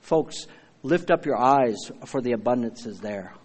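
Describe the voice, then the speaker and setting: Fervent pastor preaching in a reverberant church. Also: male voice, mid-range voice, lively intonation, measured pace, a little mellow. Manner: fervent and emphatic, calls out to the congregation. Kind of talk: sermon.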